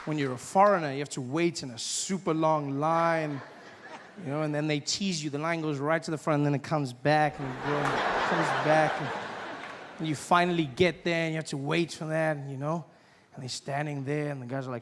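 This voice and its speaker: A man from South Africa doing stand-up comedy, acting out shouting officials in animated voices. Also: fairly high pitch, normal speed. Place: stage before a live audience. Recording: live show with audience noise.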